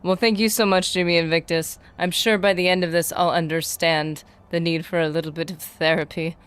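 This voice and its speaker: A woman's voice: fairly low pitch, fairly even intonation, brisk, a bit bright, smooth. Bubbly woman streamer chatting with viewers. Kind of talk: casual livestream gaming chat.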